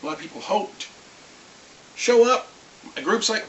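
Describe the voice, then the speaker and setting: A vlogger getting over a cold, clearing the throat, telling a rambling, lively story about a tabletop game in a casual rant. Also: mid-range voice, moderate pace, pauses often. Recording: echoey room, far from mic, faint hiss.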